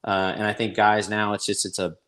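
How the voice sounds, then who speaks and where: A man with a fairly low voice talks as a guest over a video call. He rambles in a casual, opinionated way, circling back on himself with frequent restarts. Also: little pitch movement, fairly quick, a bit bright. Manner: rambling, opinionated sports talk with many restarts. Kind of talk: casual chat.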